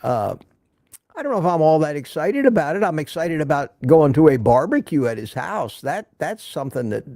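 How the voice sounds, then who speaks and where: A man's voice: fairly high pitch, very animated, normal speed, darkish tone, no echo, clean studio sound. An older man hosting a casual live stream from home, chatting and greeting viewers by name with frequent restarts. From United States. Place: indoors at home.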